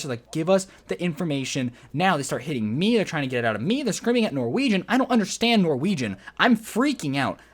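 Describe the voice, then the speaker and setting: A young man spins a dramatic storytime for his vlog audience. His voice sits a little high and leaps up and down as he tells it. He talks in loose slang and hams up the story for laughs. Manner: animated, jokey storytelling with slang. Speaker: vlogger.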